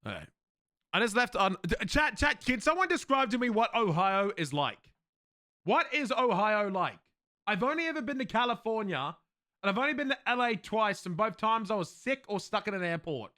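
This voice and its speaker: A man's voice: high voice, very animated, normal speed, bright, forceful tone. An Australian man chatting casually and rambling on a livestream, swearing freely and talking to his chat. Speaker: streamer.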